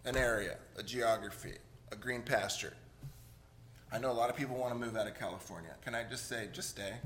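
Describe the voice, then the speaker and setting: A man's voice: mid-range voice, pushed and bright. A middle-aged male pastor preaching in a church, conversational, with joking asides and repeated words. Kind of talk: sermon. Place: church sanctuary.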